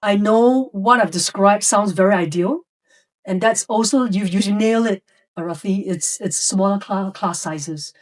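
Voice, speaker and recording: A woman's voice: mid-range voice, a little slow, recorded from a distance. A woman educator telling classroom stories in a podcast interview, acting out the voices of students and teachers. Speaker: educator guest.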